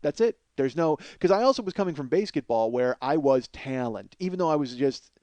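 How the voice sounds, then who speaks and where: A man telling a comic story as a podcast host, in a profane, excitable way and laughing through the story. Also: fairly high pitch, a little fast, no echo.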